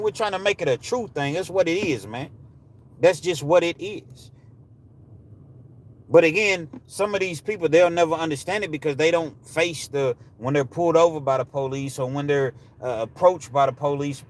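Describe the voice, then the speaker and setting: A man hosting a live stream, talking straight to his viewers in a heated, preachy way that often rises to shouting. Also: a little high, a little hiss or hum. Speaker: livestream host.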